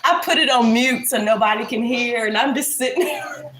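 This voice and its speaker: A folksy, talkative woman, chatting casually straight to her viewers. Her voice sounds congested. The recording has clear background noise and clicks. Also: fairly high pitch, expressive, moderate pace. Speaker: vlogger. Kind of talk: casual chat to camera.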